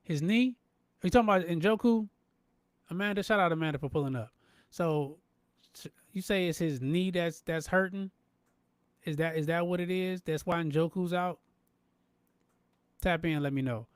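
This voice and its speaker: Young man, high voice, dry close sound, live-stream sports rant host, emphatic and repetitive. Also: normal speed, pauses often, smooth, dry recording. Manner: animated, emphatic, repeats phrases, talks to chat. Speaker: podcast host.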